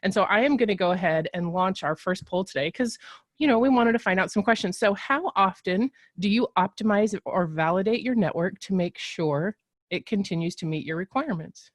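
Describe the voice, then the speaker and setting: A woman's voice: mid-range voice, fairly quick, dry recording, studio quality. A woman from Texas hosting a webinar in a bubbly, chatty way, with many fillers. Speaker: webinar host.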